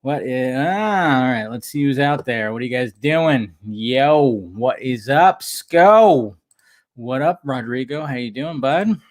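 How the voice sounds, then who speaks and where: A man's voice: mid-range voice, lively intonation, takes it slowly. Upbeat man hosting a livestream. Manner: upbeat, greets chat viewers by name. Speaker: livestream host. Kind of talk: casual livestream chat.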